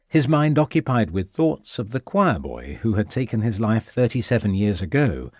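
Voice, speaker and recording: Low, expressive male audiobook narrator. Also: no echo, clean studio sound. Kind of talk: scripted narration.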